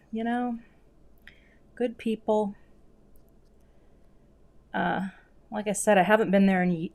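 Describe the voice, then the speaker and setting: Middle-aged woman, casual live craft stream, talks while working, self-deprecating, average pitch. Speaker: card-making host. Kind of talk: live crafting demo chat.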